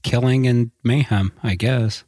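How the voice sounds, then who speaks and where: A man co-hosting a podcast in casual chat, laid-back and quick with dry quips. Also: mid-range voice, steady tone, a little mellow, no echo. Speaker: podcast co-host.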